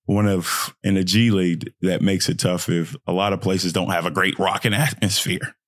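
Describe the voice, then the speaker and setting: A young man, a pro basketball player, talking casually and motivationally about mindset, breaking into high-pitched joking voices. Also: moderate pace, no echo, clean studio sound. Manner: animated, swings into high joking voices and trash talk.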